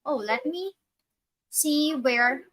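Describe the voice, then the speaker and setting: A woman's voice: high voice, very slow, a bit bright, low-quality recording. A woman hosting a live trading session, walking through her chart step by step and correcting herself as she thinks aloud. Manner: methodical, thinks aloud with fillers and self-corrections. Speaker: trading educator.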